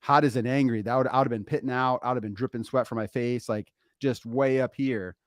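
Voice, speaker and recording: A middle-aged man co-hosting a podcast, telling a story in a casual, animated way and laughing often, recorded on a close mic. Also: mid-range voice, fairly quick, no echo. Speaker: podcast co-host, father.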